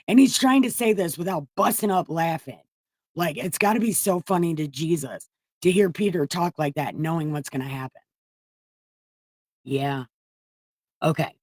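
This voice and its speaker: A woman's voice: on the low side, animated, moderate pace, darkish tone, dry recording, studio quality. A woman hosting a comedic Bible reading, paraphrasing with profane jokes. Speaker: host reading the Bible aloud.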